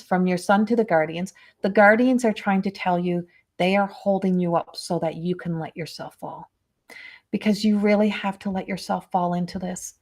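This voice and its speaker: A woman's voice: medium pitch, darkish tone. Rambling, tender woman giving a psychic reading. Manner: rambling, hesitant, full of fillers and restarts; tender and emotionally moved. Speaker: medium and spiritual coach.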